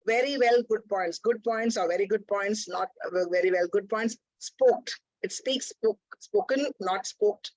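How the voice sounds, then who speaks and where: A woman giving a brisk grammar report at a club meeting, listing words and correcting usage over a video call. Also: mid-range voice, a little mellow, no echo, poor audio.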